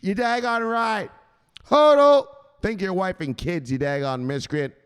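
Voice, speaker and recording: A tough, blunt enforcer, as a man puts him on barks orders in a raised, lively pitch that bounces around. He scolds and makes others say his lines back. Every command lands hard. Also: normal speed, clean tone. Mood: bossy.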